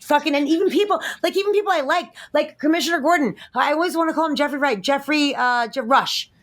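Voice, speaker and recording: A woman's voice: high voice, quick pace, fairly bright tone. A woman, a guest on a casual panel podcast, ranting profanely with lots of fillers and restarts.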